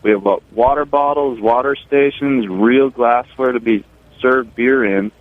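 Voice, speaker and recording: A man's voice: medium pitch, a little slow, no echo. A laid-back brewer talks plainly over the phone, his voice narrowed to a tinny, lo-fi band. The line is dry, with no room sound around it, and he leans on fillers as he chats. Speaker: brewer and festival organizer, phone guest. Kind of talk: casual radio chat. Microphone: telephone.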